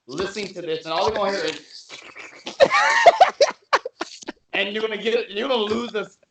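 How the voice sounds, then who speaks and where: A man's voice: sits high, moderate pace, very noisy. A man co-hosting a podcast, joking and teasing his co-hosts in casual chat. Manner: joking, teasing, playfully indignant. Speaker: podcast co-host.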